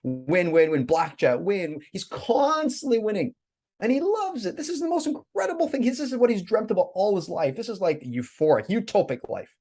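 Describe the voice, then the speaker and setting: Man, life coach, animated storytelling, lively voice, podcast guest. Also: high voice, moderate pace, soft background music.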